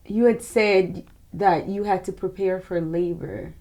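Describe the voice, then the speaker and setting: A woman hosting a talk show interview, speaking quietly in brief supportive prompts. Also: medium pitch, a little slow. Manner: quiet, brief murmured affirmations.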